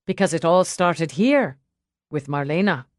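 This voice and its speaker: A woman voicing a wealthy Irishman back in his home city, speaking in a calm, measured, understated way. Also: a little high, no echo, studio quality. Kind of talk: audiobook character voice.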